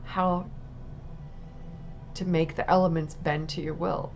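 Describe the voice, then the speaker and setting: A woman voicing Jesus as a stern, calm man who speaks bluntly and firmly, then reassuringly. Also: low voice, takes it slowly, vocal fry, lo-fi sound, a little hiss or hum, full character voice.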